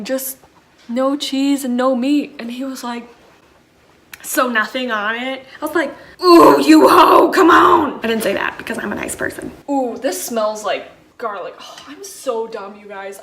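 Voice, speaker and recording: This young adult vlogger has a fairly bright, high-leaning voice as she chats through self-deprecating stories while cooking at home. The kitchen sounds echoey, with a bit of faint noise in the background.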